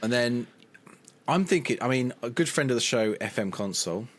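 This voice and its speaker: A man hosting a podcast, chatting casually with quick jokey asides. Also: mid-range voice, animated. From Liverpool, England. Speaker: podcast host. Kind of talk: casual chat.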